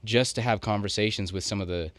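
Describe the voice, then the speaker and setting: A man's voice: on the low side, fast, a bit bright, no echo. A man co-hosting a podcast in casual chat, thinking aloud in long run-on sentences. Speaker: podcast co-host.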